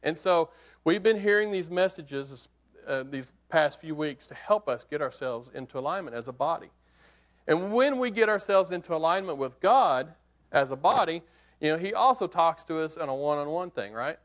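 A man preaching, telling a hunting story as a sermon illustration in an animated, conversational way that swings from hushed to excited. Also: on the high side, moderate pace.

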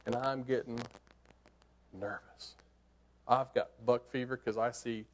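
Animated man telling a sermon story. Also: mid-range voice, a little slow, slight background noise. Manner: animated storyteller, rises to excited outbursts. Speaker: preacher.

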